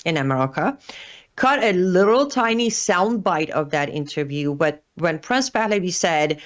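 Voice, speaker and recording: A woman's voice: fairly low pitch, a bit bright. A woman commenting as a guest on a talk show, hesitant, with many fillers and restarts. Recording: dull lo-fi audio.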